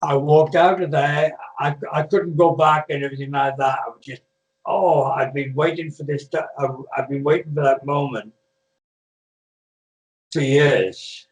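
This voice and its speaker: The voice sits on the high side, steady and unhurried: an older British man who used to wrestle, telling meandering stories in a casual video-call interview. He restarts often and leans on fillers, and the recording comes from an echoey room with the mic at a distance.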